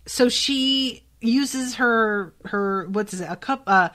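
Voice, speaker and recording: A woman hosting a casual book-reaction podcast, reading passages aloud and reacting with expressive, profane outbursts. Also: fairly high pitch, slow pace, few pauses. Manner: expressive and profane, swings between quiet reading and excited outbursts. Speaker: podcast host.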